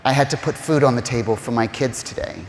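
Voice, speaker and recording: A man's voice: medium pitch, steady tone, fast talker, slight background noise. A man with a mid-range voice tells his stories with earnest feeling, full of "you know" fillers. He comes close to tears at times. The sound is roomy, with a long reverb tail. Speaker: interview guest, real estate agent. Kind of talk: emotional conversational storytelling.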